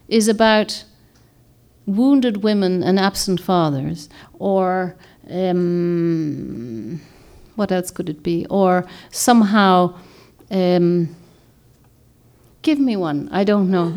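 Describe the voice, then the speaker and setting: A woman's voice: mid-range voice, darkish tone. Rambling woman speaker. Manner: meandering, searching for words, many restarts. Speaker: author and speaker. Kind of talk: reflective talk to a group.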